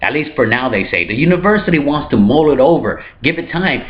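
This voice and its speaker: A man hosting a satirical comedy news monologue in a hotel room, delivering deadpan jokes and now and then jumping into high mock voices. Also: fairly quick, few pauses, highs cut off. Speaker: comedy news show host.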